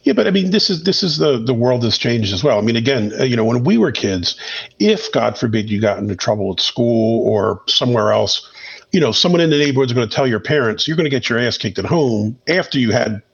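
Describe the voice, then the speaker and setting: A middle-aged man with a gravelly, husky voice gives blunt, opinionated takes and swears freely. The recording sounds dull and lo-fi. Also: mid-range voice, expressive, fairly quick. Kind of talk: casual conversation.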